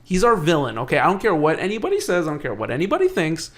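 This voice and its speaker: A man co-hosting a sports podcast, talking excitably in casual chat, often restarting and swearing. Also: a little high, fast. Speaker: podcast co-host.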